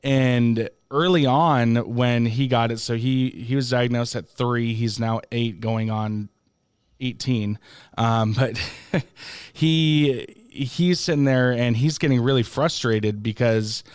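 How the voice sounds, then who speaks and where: A man co-hosting a podcast, speaking in a relaxed, conversational way with plenty of fillers. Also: mid-range voice, slow pace, clean tone, no echo, studio quality. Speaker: podcast co-host. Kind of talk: casual chat.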